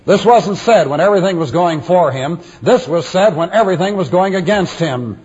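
A male preacher giving a sermon in a measured, emphatic way, repeating refrains for weight, on a dull lo-fi recording. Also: high-pitched, expressive, a little mellow, husky.

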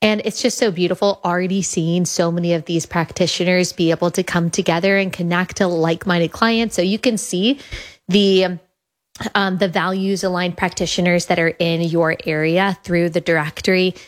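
A woman's voice: on the low side, fairly even intonation, moderate pace. A young adult woman hosting a show, talking in an earnest, enthusiastic monologue and often repeating her phrases. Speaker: podcast host launching an app. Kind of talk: casual monologue.

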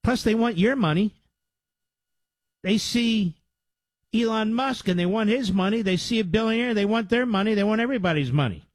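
A man hosts a political talk radio show, sounding combative and sarcastic. His voice sits a little high and has a husky edge. The studio sound is dry and close. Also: animated, moderate pace, no room sound. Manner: combative, sarcastic, mocking asides to producer. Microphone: studio microphone.

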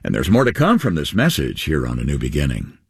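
Guy co-hosting a christian radio show, husky, swoops up and down a lot. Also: fast, dry recording, clean studio sound. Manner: lively, upbeat, with wide pitch swings. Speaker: radio program co-host. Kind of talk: radio ministry announcing.

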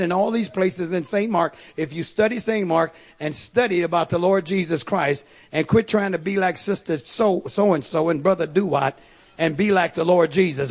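A man preaching a fervent sermon, shouting at the peaks and dropping low to teach.

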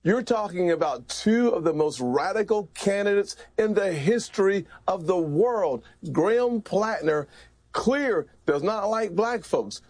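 A man's voice: sits high, animated, a little slow, darkish tone, no echo. A man, a senator, delivering an emphatic political speech that is played as a clip. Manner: emphatic, declaratory.

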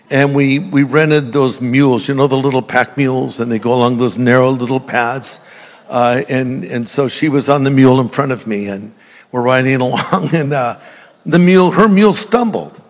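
A man's voice: mid-range voice, normal speed. An older man preaching a sermon, folksy and joking as he tells stories. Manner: folksy storytelling with jokes. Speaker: pastor. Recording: reverberant hall.

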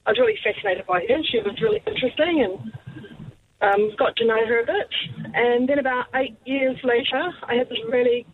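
A woman's voice: a little high, brisk. A woman with a New Zealand accent calling a radio show, telling a story chattily with some fillers. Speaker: caller. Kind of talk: telling an anecdote on a call-in. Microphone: phone line. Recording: tinny phone line with faint noise.

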